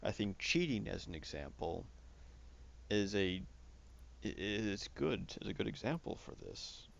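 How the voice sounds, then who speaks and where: Man host, low gravelly voice, rambling casual musings. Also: big pitch swings, lo-fi sound. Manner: rambling, halting restarts. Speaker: podcast host. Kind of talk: casual philosophical chat.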